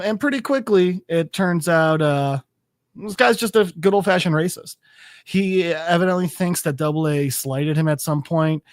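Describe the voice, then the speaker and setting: A man co-hosting a podcast, rambling through an episode recap with fillers and casual swearing. His voice sits a little high. The sound is dry and close, with no room echo. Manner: rambling, loose with fillers and profanity. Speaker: podcast co-host.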